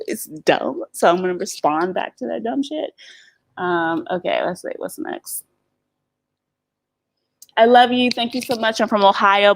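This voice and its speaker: A middle-aged woman chats on a live stream through a phone or webcam mic. Her voice swoops up and down as she laughs often and speaks bluntly. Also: on the high side. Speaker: vlogger hosting a live stream. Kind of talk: casual live-stream chat.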